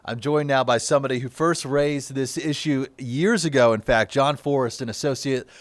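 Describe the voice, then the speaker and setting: A man's voice: medium pitch, moderate pace, no echo. A man anchoring a TV news interview in a studio, chatty and jokey as he asks his questions. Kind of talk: broadcast interview.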